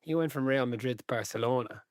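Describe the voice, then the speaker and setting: A man of middle pitch chats easily about football and teases his co-host. His delivery is relaxed and wry. The recording is dry and close. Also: quick pace, no room sound. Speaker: podcast co-host. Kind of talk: casual football podcast chat.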